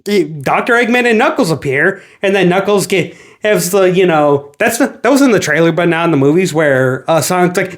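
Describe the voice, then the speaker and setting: A man co-hosting a casual podcast chat, rambling through an animated retelling full of acted quotes. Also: high voice, fairly quick, hardly any pauses. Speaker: podcast co-host.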